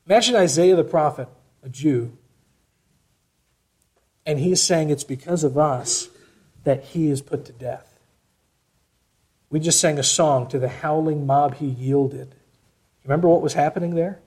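A man preaching a sermon, reading scripture aloud and explaining it with expressive shifts in loudness. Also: fairly high pitch, a little slow, long pauses.

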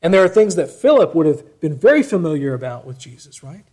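A man preaching a sermon, reading scripture aloud and explaining it with expressive shifts in loudness. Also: a little high, brisk.

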